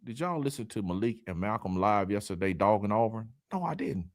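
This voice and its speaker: Animated man hosting a livestream. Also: on the low side, brisk, dry recording, clean studio sound. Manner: lively, laughing, Southern slang like y'all and man. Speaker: live stream host reading comments. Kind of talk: casual sports talk livestream.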